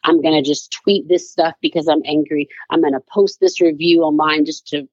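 A woman's voice: deep voice, normal speed, no room sound. Chatty woman author, dull dry sound. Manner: animated, chatty, many "like"s and playful put-on voices. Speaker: author and guest. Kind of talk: casual interview chat.

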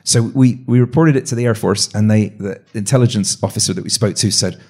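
Animated storytelling man, lively quotes. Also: lowish voice, a little fast, few pauses. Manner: animated anecdote with voiced quotes and restarts. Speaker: guest, meteorite hunter. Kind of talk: live storytelling on a talk show. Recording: live audience event.

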